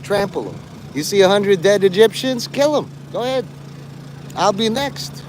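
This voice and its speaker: Mocking streamer man, lively pitch. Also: moderate pace, slight background noise. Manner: mocking, rambling and crude. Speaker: livestreamer talking to his chat. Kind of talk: casual livestream chat.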